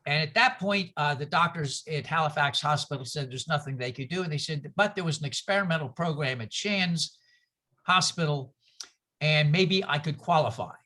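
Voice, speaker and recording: A man's voice: a little high, normal speed, sharp tone. Earnest, rambling man on a video call. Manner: earnest, rambling storyteller with many restarts. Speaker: discussion group facilitator. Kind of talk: casual group discussion.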